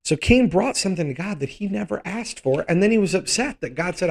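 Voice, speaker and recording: A man's voice: high-pitched, sing-song, brisk, gravelly, hardly any pauses, slight background noise. Conversational man teaching Bible study. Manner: conversational, thinks aloud, frequent rhetorical "right?".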